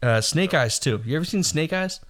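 A man in casual chat about movies, animated and quick to laugh, slipping into quotes of film lines. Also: on the high side.

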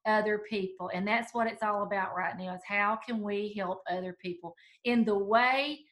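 A woman's voice: mid-range voice, moderate pace, a bit bright. A woman co-hosting a podcast in a casual chat, effusive and encouraging, often restarting her sentences. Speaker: podcast co-host.

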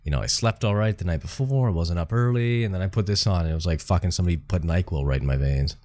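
A man's voice: sits low, quick pace, a little mellow. A man co-hosting a podcast, ranting about a film he disliked, swearing freely and stammering through restarts. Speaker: podcast co-host. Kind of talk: casual chat, ranting film review. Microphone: remote recording, separate room from co-host.

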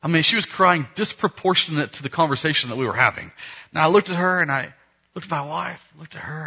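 A man's voice: a little high, expressive, brisk, vocal fry, bright, forceful tone, slightly rough, highs cut off. A man, preaching a sermon and telling a family story, acting out the dialogue. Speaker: pastor.

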